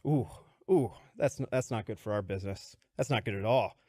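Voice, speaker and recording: A man putting on the voice of an erratic, intimidating male boss, speaking low and drawn out. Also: fairly quick, mellow, dry recording, clean studio sound, close to an everyday voice. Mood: disapproving.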